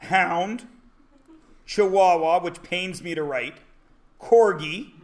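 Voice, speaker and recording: A man teaching a math class, lecturing with loud jokes and rants that break into shouts. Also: high-pitched, slow pace.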